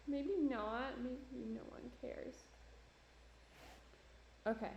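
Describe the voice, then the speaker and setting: A woman's voice: medium pitch, measured pace, darkish tone, highs cut off, a little hiss or hum. A woman from New Jersey streaming while she works on pottery, chatty and self-deprecating, laughing often. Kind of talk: casual livestream chat while working. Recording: roomy echo.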